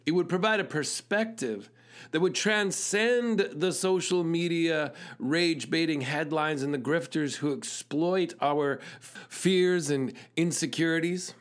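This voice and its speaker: Guy on his podcast, kinda higher voice, thoughtful storytelling, chuckles at himself. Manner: earnest, thoughtful, laughs at himself. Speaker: podcast host and musician. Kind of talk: reflective storytelling monologue.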